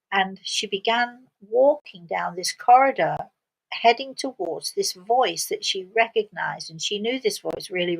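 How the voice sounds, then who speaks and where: An older woman telling a story slowly and haltingly, with dramatic pauses and fillers. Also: mid-range voice, vocal fry, fairly bright tone, rough recording. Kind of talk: spoken storytelling.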